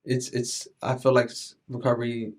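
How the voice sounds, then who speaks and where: A man's voice: medium pitch, monotone, moderate pace. A man in his thirties, a podcast guest speaking candidly and reflectively in casual conversation, with frequent filler words.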